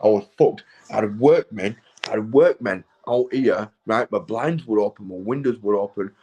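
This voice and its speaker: A young man in the middle of a loose, meandering tale, clearly high. His talk is sweary and casual, full of restarts and constant little asides to the listener. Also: moderate pace, dark tone, poor audio. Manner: sweary, keeps tagging "right?" and "mate". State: stoned. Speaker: vlogger. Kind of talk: rambling casual storytelling.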